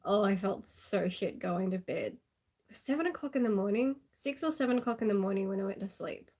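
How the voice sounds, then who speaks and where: A woman's voice: mid-range voice, lively intonation, a little fast, a little mellow. A woman with an Australian accent chatting casually and sarcastically on a live stream, laughing often.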